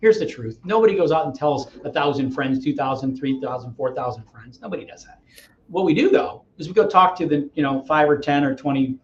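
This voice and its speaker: A lively middle-aged man talks as an interview guest, a touch high-voiced and eager to persuade. His voice rings in a roomy space. The audio is dull and carries a faint hiss behind him. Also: fairly quick. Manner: energetic, acts out dialogues, persuasive. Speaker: real estate agent, podcast guest. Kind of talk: interview storytelling.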